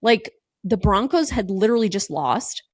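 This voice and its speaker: A woman's voice: medium pitch, expressive, moderate pace, a little mellow, dry recording, studio quality. Emotional woman telling a raw personal story. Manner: emotional, raw, swears casually, lots of fillers. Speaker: podcast host.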